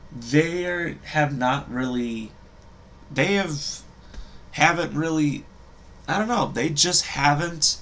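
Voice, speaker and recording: A sports podcast host, a man with a slightly high, sharp voice, offers casual football predictions. He rambles and hesitates, with frequent ums and self-corrections.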